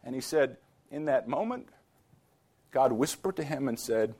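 A man's voice: medium pitch, animated, measured pace, pauses often, darkish tone. A man preaching a sermon to students, telling stories and rising to emphatic exclamations.

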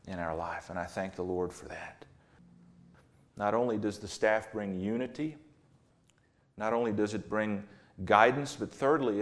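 A man preaching a sermon, earnest and vivid, repeating key phrases as he tells his story. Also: mid-range voice.

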